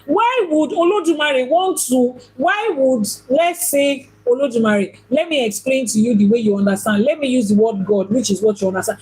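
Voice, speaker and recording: Husky woman teaching with emphasis. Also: on the high side, darkish tone, rough recording. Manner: emphatic, repeats phrases for stress. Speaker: Ifá priestess and teacher. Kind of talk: spiritual teaching talk.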